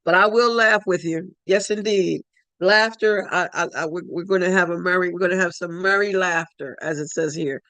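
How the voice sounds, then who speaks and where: A woman's voice: on the low side, steady tone, moderate pace, fairly bright tone, dry recording. A woman leading a spiritual study group online, speaking in heartfelt reflection and often repeating her words and phrases. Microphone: online call.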